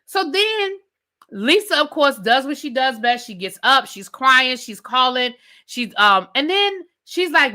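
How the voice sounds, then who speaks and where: A woman with a high, bright voice rants sassily through a reality TV recap. She talks straight to her viewers in a loose, conversational style. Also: big pitch swings, a little slow. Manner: sassy, conversational, addresses viewers as y'all. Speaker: TV recap host. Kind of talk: animated reality TV rant.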